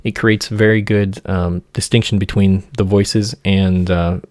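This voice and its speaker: A man giving an informal music theory lecture, singing motifs in nonsense syllables and pausing often with fillers. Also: low voice, flat delivery, darkish tone, no echo, clean studio sound.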